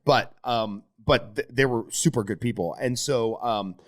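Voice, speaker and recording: A middle-aged man hosts a podcast in loose, casual conversation. He swears freely and tells animated stories, and his voice climbs high when he gets worked up. His pitch sits in the middle range for a man. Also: measured pace. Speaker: podcast host.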